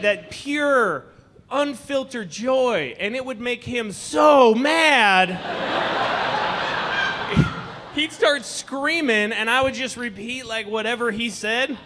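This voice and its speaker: A stand-up comedian with a fairly high, bright voice that swings all over the place as he tells his stories. He talks in a conversational, mocking way, with a faint hiss under the recording. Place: comedy club stage.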